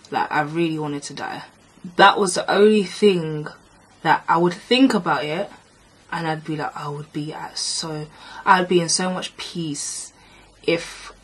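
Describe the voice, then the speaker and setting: A woman telling a personal story to camera in a vlog, animated and re-enacting past arguments. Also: fairly low pitch, a little hiss or hum, low-quality recording. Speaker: vlogger. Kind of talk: storytime narration.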